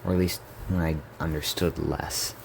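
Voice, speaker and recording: Deep-voiced male reader for a dark story game, quiet and measured. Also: level tone, vocal fry, a little hiss or hum. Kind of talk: dramatic reading of a story game.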